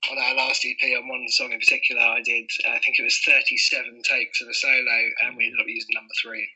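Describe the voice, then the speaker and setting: Quick husky man in casual chat. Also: medium pitch, flat delivery, pushed and bright, poor audio. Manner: rambling, quick, full of fillers.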